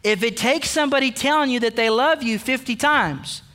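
A man's voice: very high-pitched, moderate pace, sharp tone. A man pastor preaching a sermon, emphatic and direct, calling out the men with playful asides. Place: church sanctuary.

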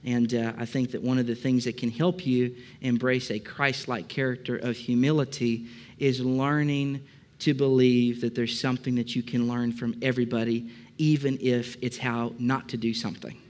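A man's voice: mid-range voice, little pitch movement, moderate pace, darkish tone. A male pastor preaching in a loose, conversational way, full of "uh" fillers and direct asides to the congregation. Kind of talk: sermon.

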